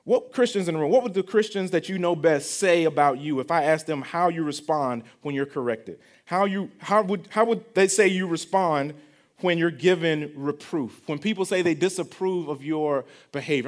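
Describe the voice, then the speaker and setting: A man's voice: a little high, moderate pace. A young adult man, preaching a sermon in a conversational style, repeating phrases and asking the congregation questions. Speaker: pastor.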